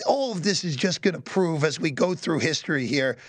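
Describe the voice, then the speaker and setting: A man's voice: fairly high pitch, lively intonation, fairly quick, dry recording. Earnest man debating football. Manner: earnest, repeats "look" and restarts. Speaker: co-host or guest analyst. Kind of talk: casual sports talk.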